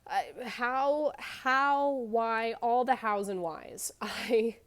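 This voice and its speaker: A woman's voice: fairly high pitch, drawn-out words. A young woman giving casual reaction commentary, chatty and thinking aloud, asking herself one rhetorical question after another. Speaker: reaction video creator.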